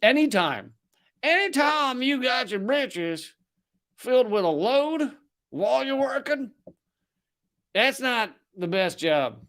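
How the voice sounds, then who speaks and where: A man putting on a plainspoken Southern working man with a slow drawl. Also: very high voice, big pitch swings, fairly bright tone, voice pushed up, exaggerated voice. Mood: folksy. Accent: American Southern.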